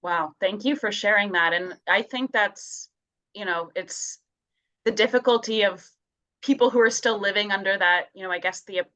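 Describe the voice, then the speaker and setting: A woman moderating an online Q&A over a video call, soft-spoken and searching for her words. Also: medium pitch, normal speed, dull audio. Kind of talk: hosting an online Q&A.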